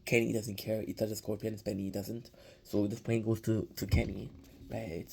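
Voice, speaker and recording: A man's voice: on the low side, little pitch movement, normal speed, vocal fry, dark tone, slightly rough. A young man, rambling through a casual episode recap with lots of restarts. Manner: rambling, many restarts and fillers. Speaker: show reviewer.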